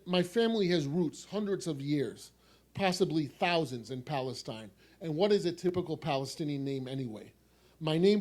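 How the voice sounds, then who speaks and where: A man with a New York accent gives a poetry reading in a fairly high voice for a man. His delivery is wry and dry, and he circles back to a refrain again and again. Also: a little mellow. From New York City. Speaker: poet.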